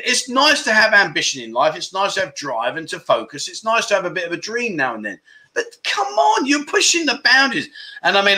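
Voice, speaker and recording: Bright, chatty man hosting. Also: fairly high pitch. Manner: chatty, jokey, reads out viewer comments; slangy, banter-heavy. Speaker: livestream host. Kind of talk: casual livestream chat.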